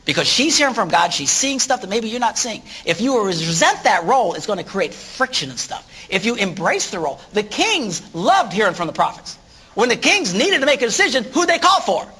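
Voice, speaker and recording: Animated man preaching on a talk show. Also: sits high, fairly quick, a little hiss or hum. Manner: animated, acts out stories in voices. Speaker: guest speaker.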